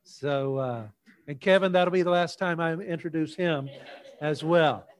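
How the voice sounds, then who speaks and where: In church, a male pastor whose voice sits a little high opens his sermon by telling an unhurried, homespun joke, then turns to the teaching.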